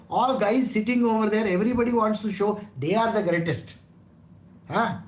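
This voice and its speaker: A man's voice: high voice, a little fast. A man with an Indian English accent teaches scripture in a loose, joking way, checking in with his listeners at every turn. His voice carries the ring of a roomy space. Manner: chatty, teasing, asks listeners questions. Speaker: spiritual teacher. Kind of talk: conversational scripture talk. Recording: roomy echo.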